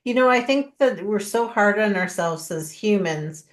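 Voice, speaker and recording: A woman's voice: medium pitch, expressive, reverberant. A woman co-hosting a podcast who answers in a conversational, personal way. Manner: conversational, personal, quick with "you know" asides. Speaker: podcast co-host. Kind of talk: casual interview chat.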